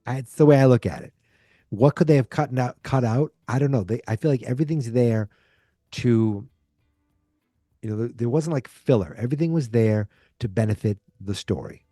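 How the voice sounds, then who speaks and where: A man's voice: mid-range voice, expressive, moderate pace, mellow, no room sound, clean studio sound, faint music behind. A man hosting a podcast, rambling casually through a movie review, restarting sentences and acting out quoted lines. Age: adult, alive in 1986. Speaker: podcast host.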